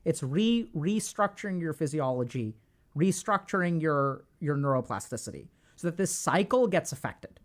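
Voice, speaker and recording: Middle-aged guy explaining stuff to his stream chat, pitch bouncing all over, punchy repeats. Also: moderate pace. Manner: lively, emphatic, repeats phrases for stress; informal, talks to chat directly. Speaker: streamer host discussing mental health. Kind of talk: casual livestream lecture to chat.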